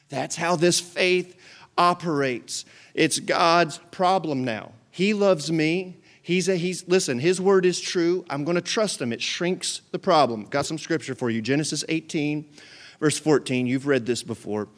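A man's voice: high voice, lively intonation, moderate pace. A male pastor, preaching a sermon in a church service with call and response and fervent emphasis.

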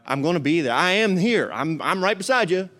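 A man's voice: high voice, lively intonation, brisk, a bit bright. A pastor playing an exasperated, all-powerful male God who scolds people for small, vague prayers. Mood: reassuring. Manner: incredulous, scolding, humorous.

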